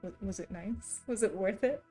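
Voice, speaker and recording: A woman's voice: medium pitch, moderate pace, dark tone, slightly rough, faint music behind. A young woman livestreaming, chatting casually with her audience and teasing them playfully with frequent giggles.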